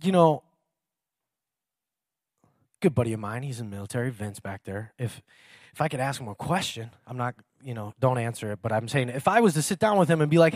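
A man's voice: mid-range voice, animated, fairly quick, pauses often, a little mellow, no room sound, studio quality. A man preaching a casual sermon in a chatty, self-mocking way, laughing often.

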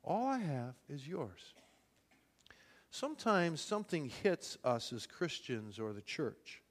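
A pastor preaches in a slightly raised voice, telling the story in everyday words and voicing each character. His voice rings on in a large reverberant hall. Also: a little high. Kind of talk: sermon.

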